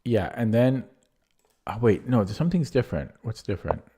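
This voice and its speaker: A man's voice: medium pitch, very animated, fairly quick, mellow, slight background noise. A man commentating his own online chess games casually, thinking aloud with many fillers and restarts, his voice getting worn out. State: losing his voice. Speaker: chess streamer.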